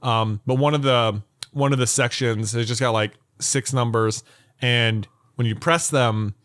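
A young father co-hosting a podcast, telling relaxed stories and acting out small exchanges playfully. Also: medium pitch, measured pace, dry recording, clean studio sound. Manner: relaxed storytelling with playful acted-out bits. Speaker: podcast co-host. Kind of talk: casual chat.

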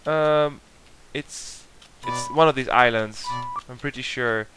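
A man's voice: mid-range voice, slow pace. Chatty man commentating a game. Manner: chatty, reads game clues aloud, mutters at mistakes. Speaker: let's play commentator. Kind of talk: casual gameplay commentary. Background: guitar game music.

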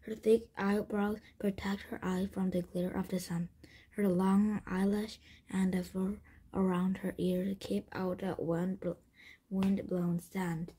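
A woman voicing a calm, wise man who guides travelers across the desert while reading a storybook aloud, in a soft, breathy, husky voice. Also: medium pitch, slow pace.

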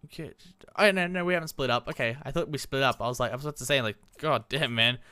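A young adult commentating a life-simulation game in a casual, slangy, excitable way, laughing often. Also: medium pitch, quick pace, smooth, no echo. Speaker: gameplay commentator. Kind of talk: casual Let's Play commentary.

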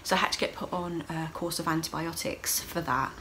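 A middle-aged woman talks through her week in a casual video diary, her voice sitting low and warm. She is open and emotional, often laughing between lines. A faint hiss sits under the recording. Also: fairly even intonation, brisk. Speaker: vlogger.

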